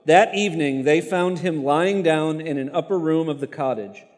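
A man's voice: fairly high pitch, normal speed, darkish tone, long reverb tail. A man preaching a sermon, reading a martyr story aloud in an earnest tone with casual asides to the congregation.

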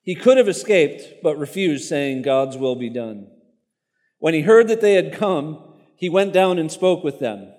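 A man's voice: high-pitched, expressive, moderate pace, a little mellow. Earnest male preacher in a reverberant hall. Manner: earnest, with casual conversational asides. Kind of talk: sermon with a read-aloud martyr story.

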